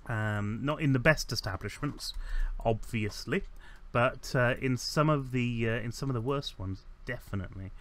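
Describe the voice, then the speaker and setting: A man's voice: mid-range voice, moderate pace, fairly bright tone. Rambling man narrating gameplay. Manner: rambling, self-correcting, many filler ums. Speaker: let's play host. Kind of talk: casual gameplay commentary.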